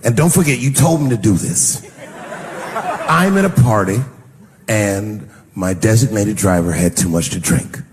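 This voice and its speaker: A comedian playing a sheepish sixteen-year-old son, low and pleading. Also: male voice, expressive, a little slow, a little mellow, in a large hall.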